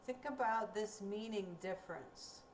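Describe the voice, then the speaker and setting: A woman teaching a recorded grammar lesson, speaking slowly and clearly in a deliberate teaching manner. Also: medium pitch. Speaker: ESL teacher. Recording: roomy, distant mic with faint room noise.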